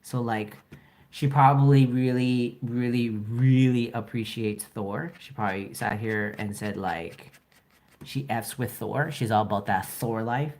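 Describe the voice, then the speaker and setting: A man's voice: mid-range voice, a little slow, a little mellow. Young guy streaming his drawing, joking around w/ chat, teasing, easygoing. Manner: playful, teasing, answers viewer comments while drawing. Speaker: livestreaming artist. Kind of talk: casual livestream chat.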